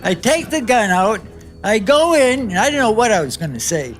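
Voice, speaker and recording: A man's voice: sits high, big pitch swings, moderate pace. An older man telling a long, rambling, profane story as a stand-up guest, chuckling at himself as he goes. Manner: profane, meandering, laughs at himself. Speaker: comedian guest. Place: comedy club stage. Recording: live club with crowd and music.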